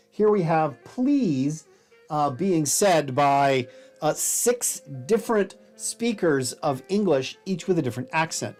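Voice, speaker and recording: A man's voice: fairly high pitch, darkish tone. Male college lecturer, casual and explanatory, self-deprecating, faint music under.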